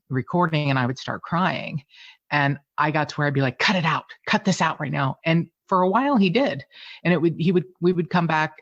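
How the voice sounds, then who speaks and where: A woman's voice: low-pitched, no room sound, lo-fi sound. A woman who hosts a true crime podcast, talking as a guest in a candid interview, frank and emotional, self-deprecating and swearing casually.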